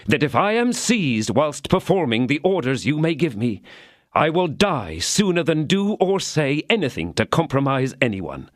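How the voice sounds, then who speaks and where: A man's voice: fairly high pitch, very animated, moderate pace, no room sound, studio quality, voice pushed up. A man voicing an ardent young swordsman in a storybook reading, making eager, gallant declarations. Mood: solemn.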